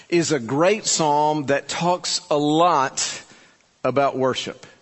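A man preaching a sermon as pastor, with measured delivery and rhetorical questions to his congregation. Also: a little high. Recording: long reverb from a large hall.

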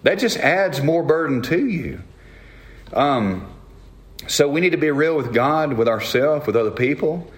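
A man's voice: on the high side, animated, a little slow, echoey room. A middle-aged man preaching a sermon in an earnest, conversational way, often restarting his phrases. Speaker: pastor.

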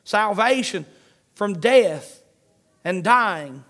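With drawn-out words, a high-voiced male pastor preaches a sermon built on repetition. He keeps an emphatic, steady delivery and reads scripture aloud between his points.

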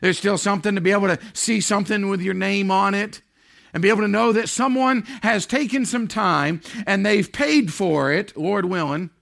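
A man preaching a sermon, swinging between loud, drawn-out emphasis and low, hushed lines. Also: vocal fry. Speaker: pastor.

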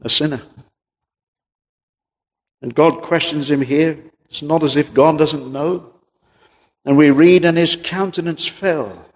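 Preacher in an echoing hall. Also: male voice. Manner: impassioned, rising to high emphatic peaks then dropping low and quiet. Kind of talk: sermon. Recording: long reverb of a large hall.

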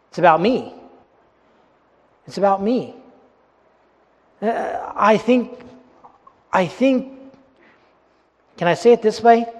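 A man in his forties preaching a sermon, asking rhetorical questions, repeating phrases and swinging from loud to soft. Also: sits high. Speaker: pastor. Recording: long hall reverb.

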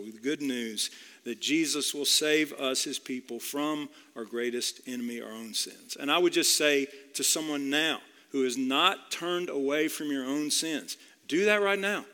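A male pastor preaching with earnest conviction, repeating his key phrases and turning to address listeners directly. His voice is bright and sharp, sitting a little high for a man. It rings out with the long reverb of a large hall. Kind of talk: sermon.

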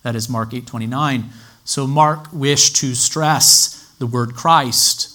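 Measured male Bible teacher. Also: medium pitch, pushed and bright. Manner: measured and explanatory, citing scripture references. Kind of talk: teaching sermon.

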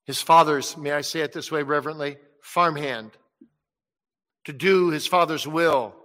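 A man preaching a sermon with passion, rising loud when he voices Jesus and dropping soft and low when he pleads. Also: measured pace. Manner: impassioned, swells loud on quoted words of Jesus and drops soft on pleading. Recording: long reverb of a large hall.

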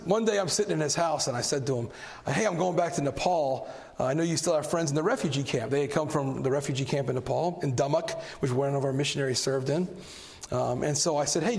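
A man preaching in a church with a fairly high, gravelly voice. He tells his story with animated energy, his voice climbing when excited. The sound rings with a long hall reverb. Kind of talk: sermon with storytelling.

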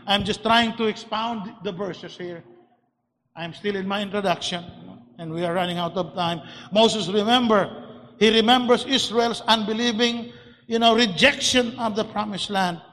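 A man preaching a sermon, rising from quiet talk into shouted emphasis and often restarting words as he builds his points. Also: sits high, steady tone, moderate pace. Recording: long hall reverb.

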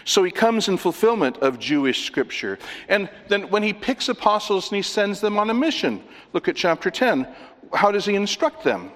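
Emphatic preacher in an echoing hall. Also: male voice, high-pitched, very animated, normal speed, fairly bright tone. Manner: emphatic, walks listeners through scripture references. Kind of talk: expository sermon. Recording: long reverb of a large hall.

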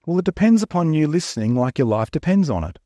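An Australian man preaching with a chatty, joking storyteller's manner. His voice sits a little higher than most men's, and the sound is close and dry, with no room echo. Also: sing-song, fast, dark tone. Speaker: pastor. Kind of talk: sermon.

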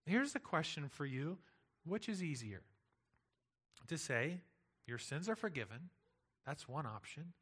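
Bright-voiced man preaching a sermon. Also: a little high, very animated, unhurried, pauses often, husky. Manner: earnest, emphatic preaching with rhetorical questions. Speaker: pastor.

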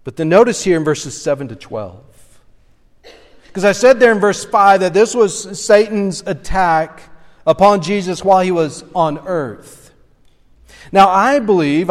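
A man preaching a sermon as pastor, earnestly retelling scripture scenes in expository style. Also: high-pitched. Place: church sanctuary. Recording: long church reverb.

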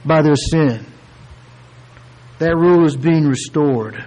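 High-voiced man preaching slowly. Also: animated, a little mellow, rough recording. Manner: earnest expository preaching, stretching key words slowly. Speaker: pastor. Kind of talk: sermon.

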